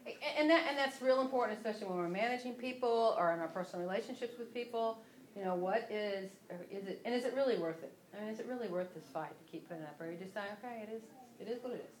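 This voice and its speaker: A woman hosting a casual faith talk, speaking conversationally and quoting scripture. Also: mid-range voice.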